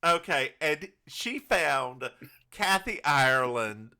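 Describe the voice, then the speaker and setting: A man's voice: fairly high pitch, expressive, slow pace, sharp tone, clear, resonant tone. A man with a Southern US accent co-hosting a podcast, recapping a TV episode in campy, teasing banter. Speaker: podcast co-host. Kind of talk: casual comedic recap chat.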